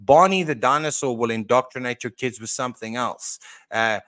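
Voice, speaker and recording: A man's voice: medium pitch, normal speed, a bit bright, no room sound. A man talks through a faith topic on a podcast with earnest, preachy conviction, often restarting his sentences. His voice sits in a middle register. The sound is dry and close, with no room around it. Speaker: podcast co-host. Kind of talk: casual Christian podcast talk.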